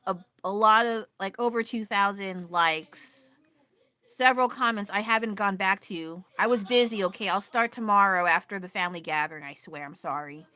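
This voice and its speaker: A woman's voice: medium pitch, moderate pace, pushed and bright, no echo. A woman chatting casually on a livestream from home, ranting with frequent laughs and swearing. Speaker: livestreamer and painter. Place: at home with her child nearby.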